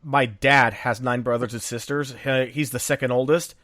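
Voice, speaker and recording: A man's voice: medium pitch, fairly even intonation, normal speed, a bit bright, dry recording, studio quality. Man host offering supportive comments. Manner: supportive, reflective interjections. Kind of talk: casual conversation.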